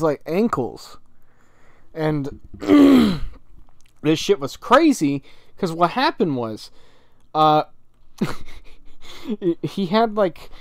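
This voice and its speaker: Slow, swooping young man streaming. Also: on the high side, dry recording, studio quality. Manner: rambling, profane, laughing often. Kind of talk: casual livestream chat.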